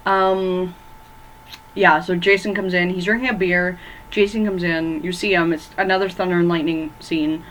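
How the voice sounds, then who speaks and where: Recorded roughly with slight background noise, a woman with a lowish, fairly bright voice and fairly even intonation speaks at a moderate pace. She's a movie vlogger casually ranking horror films in her bedroom, rambling, using lots of fillers, and losing track of names.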